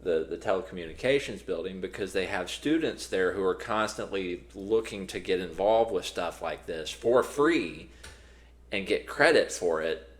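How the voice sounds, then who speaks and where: A man's voice: sits low, lively intonation, moderate pace. A man co-hosting a podcast in casual chat, telling a long story with many restarts and fillers. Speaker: podcast co-host.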